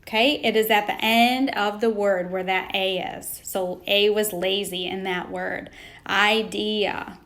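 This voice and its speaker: Slow, patient woman teaching phonics. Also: mid-range voice, fairly even intonation, fairly bright tone. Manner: slow, patient, prompting pauses for answers. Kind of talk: phonics lesson for young children.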